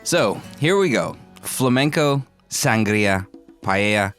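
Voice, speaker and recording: A male podcast host with a lowish voice that swings up and down a lot as he teases his guest. Soft guitar music plays faintly behind him. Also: lively intonation, slow pace. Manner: teasing, jokey. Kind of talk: conversational podcast chat and scripted intro.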